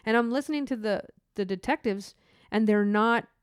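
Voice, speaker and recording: A woman's voice: on the high side, moderate pace, clean tone, no echo, studio quality. A middle-aged woman talking through her thoughts in an earnest, rambling way, restarting her sentences often. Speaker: christian vlogger. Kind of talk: unscripted spoken reflection.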